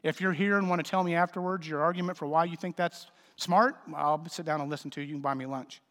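A man's voice: on the high side, steady tone, fast talker, fairly bright tone. A man preaching a sermon as pastor, conversational and joking, with sudden emphatic swells. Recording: reverberant hall.

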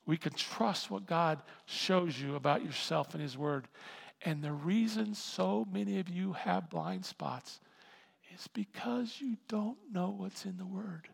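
A man preaching a sermon as pastor, animated, repeating words as he builds to loud emphasis. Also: high voice, measured pace, creaky, slightly rough. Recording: reverberant hall sound.

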